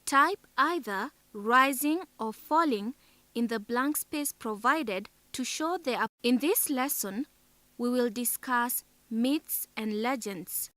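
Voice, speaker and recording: A woman narrating a scripted English lesson in a deliberate way, carefully sounding out syllables and example words. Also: on the high side, lively intonation, sharp tone, dry recording. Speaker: teacher narrator.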